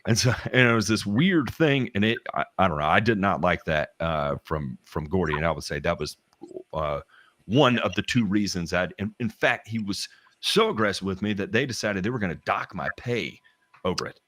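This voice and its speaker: Middle-aged Southern man, very deep, dry close mic, candid rambling storyteller. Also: animated, moderate pace, fairly bright tone, no echo. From American South. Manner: rambling, frequent restarts and fillers, candid with swearing. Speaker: podcast guest telling work stories. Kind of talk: casual chat.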